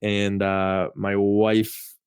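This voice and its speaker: Guy, kinda low voice, rambly animated storytelling w lots of "like", dry studio mic. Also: very slow, smooth, dry recording. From Canada. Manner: animated storyteller, fills speech with "like", acts out quoted lines. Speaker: podcast guest, comic collector. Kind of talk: casual storytelling chat.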